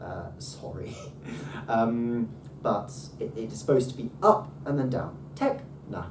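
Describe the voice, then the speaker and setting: A man teaching a casual language lesson with enthusiasm, often pausing on ums and restarting his sentences. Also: mid-range voice, expressive. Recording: roomy, distant mic, faint background noise.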